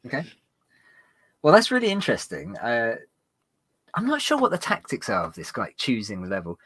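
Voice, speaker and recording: A man narrating as game master of a tabletop game, rambling and halting with many fillers. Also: medium pitch, wildly swooping pitch, fairly bright tone, no room sound.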